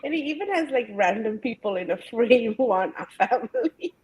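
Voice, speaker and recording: Husky mellow woman from the Maldives, playful guest on a video call. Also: on the high side, animated, brisk, poor audio. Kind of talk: casual video-call chat. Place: father's cluttered home office.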